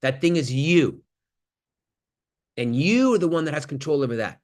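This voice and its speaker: A man giving an animated motivational talk on a video call, swinging from loud exclamations to near-whispers. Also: a little high, normal speed. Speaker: guest speaker on an acting workshop call.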